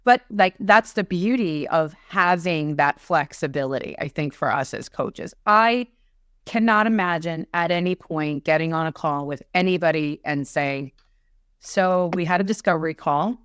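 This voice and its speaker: Smooth, low-voiced woman coach. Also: dry recording, clean studio sound. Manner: animated, acts out clients and salespeople in quick asides. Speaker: coach and podcast co-host. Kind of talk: conversational podcast discussion.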